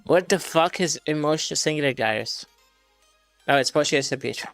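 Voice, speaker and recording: A man's voice: a little high, normal speed, creaky, a bit bright, clean tone, no echo, faint music behind. A male streamer reading practice questions aloud and working through them casually, swearing when frustrated.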